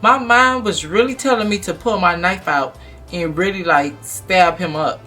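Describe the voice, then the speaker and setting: A young adult woman telling a story on her vlog in a blunt, animated, emphatic way. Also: fairly low pitch, moderate pace, soft background music. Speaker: vlogger.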